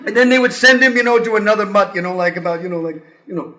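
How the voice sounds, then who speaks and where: A spiritual teacher telling animated stories in a talk, pausing for a translator and acting out the voices in them. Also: male voice, sits high, rough recording. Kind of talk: storytelling talk with live translation.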